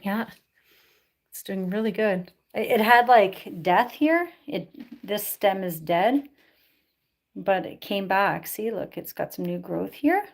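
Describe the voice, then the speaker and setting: A woman's voice: mid-range voice, lively intonation, slow, creaky. Woman vlogging at home, takes her time, coos baby talk at her birds. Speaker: pet bird keeper and vlogger. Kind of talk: casual home vlog. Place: indoors at home among plants and birds.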